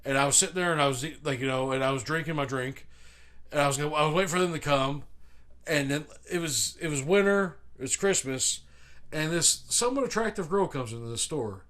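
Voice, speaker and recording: A young man on a casual podcast, rambling through a story with frequent restarts and fillers. His speaking voice sits a little high for a man, and his delivery is loose and self-mocking. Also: a little fast, a bit bright. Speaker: podcast co-host.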